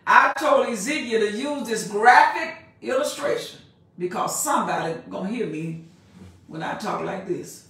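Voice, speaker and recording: Woman preacher, sermon, slow emphatic scripture reading, plain-spoken asides, bright voice, heard from a distance. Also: fairly high pitch, expressive. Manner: reads verses slowly and emphatically, then paraphrases in plain colloquial speech. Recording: echoey room, mic far off.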